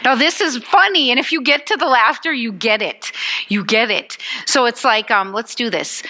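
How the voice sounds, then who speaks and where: A woman giving a motivational talk as guest speaker at a church service, animated, acting out quotes and asking the audience questions. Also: fairly high pitch, fairly quick.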